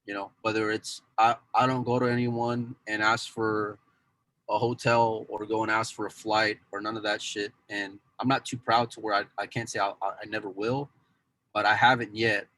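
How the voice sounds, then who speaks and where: Low-voiced man, rambling podcast chat. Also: flat delivery, normal speed, sharp tone, low-quality recording. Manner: rambling, repeats "go and", many restarts. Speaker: pool news insider and cue dealer.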